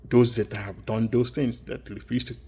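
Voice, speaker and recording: A man's voice: medium pitch, flat delivery, moderate pace, warm tone, slightly rough. A man giving a rambling, insistent monologue, repeating and restarting his phrases as he circles his points. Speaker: vlogger.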